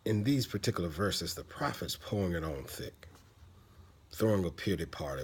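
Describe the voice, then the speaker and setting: Deep-voiced man preaching a dramatic sermon. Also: lively intonation, normal speed, darkish tone, slightly rough. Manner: dramatic delivery, dropping to whispers for emphasis.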